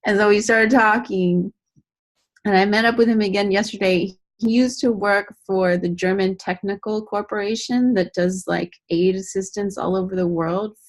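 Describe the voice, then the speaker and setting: A woman shares a lively story during a casual group call. Her delivery is bubbly and excited, and she rushes ahead as the story unfolds. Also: medium pitch. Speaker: call participant. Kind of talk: casual check-in on a video call.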